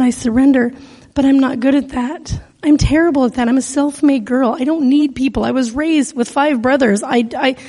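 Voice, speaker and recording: A middle-aged woman from the American Northwest preaches as a guest speaker, slipping into storytelling and quoting others with feeling. Her voice sits a little high and mellow. It rings out with a long reverb, as in a large church hall. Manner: storytelling, conversational, emotional. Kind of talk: sermon.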